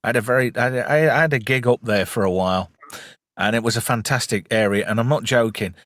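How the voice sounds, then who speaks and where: A man's voice: medium pitch, fast, fairly bright tone, dry recording, studio quality. A man in a casual podcast chat, bawdy and joking, rambling from story to story. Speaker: podcast co-host.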